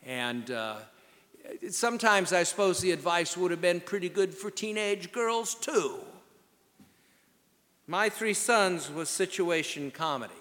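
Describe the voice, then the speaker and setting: An older male pastor opens his sermon in an easy, conversational way, stumbling and restarting often. His voice sits slightly high for a man. Long reverb from the sanctuary follows each phrase. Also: a bit bright. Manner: conversational, halting with fillers. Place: church sanctuary.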